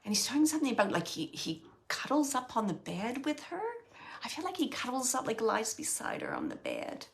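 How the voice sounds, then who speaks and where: A woman giving a live mediumship reading, relaying messages in a halting, emotional way and often searching for words. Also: fairly high pitch, huge pitch swings, creaky. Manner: emotional, close to tears at times.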